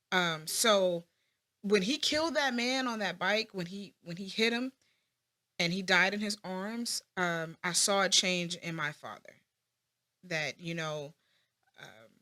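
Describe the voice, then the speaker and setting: Bright-voiced woman recalling her childhood. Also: on the low side. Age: 30s. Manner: reflective, halting, with many fillers and restarts. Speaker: interview guest. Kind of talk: personal interview.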